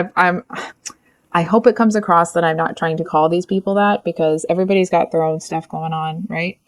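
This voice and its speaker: A lower-pitched woman talks through a tarot spread in a casual, frank way, getting animated as she goes. She keeps stopping to correct herself and checks in with the listener. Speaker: tarot reader. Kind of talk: casual tarot reading monologue.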